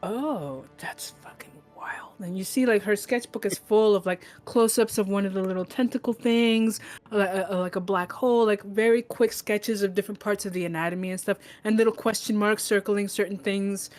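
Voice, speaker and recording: A woman's voice: mid-range voice, steady tone, darkish tone. Young woman GM, loose chatty narration, light music bed underneath. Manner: casual, halting, lots of fillers, swears. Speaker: game master. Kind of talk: narrating a tabletop game.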